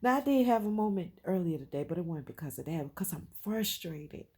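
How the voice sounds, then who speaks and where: Low husky woman talking from the heart. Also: lively intonation, brisk. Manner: heartfelt, swings from quiet to loud and emphatic, repeats phrases. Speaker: vlogger. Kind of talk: emotional personal vlog.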